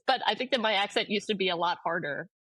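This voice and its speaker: A woman's voice: mid-range voice, quick pace, fairly bright tone, dry recording. A young woman in her twenties with a Maryland accent, chatting as a podcast guest in a rambling, giggly way with lots of fillers. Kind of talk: casual chat.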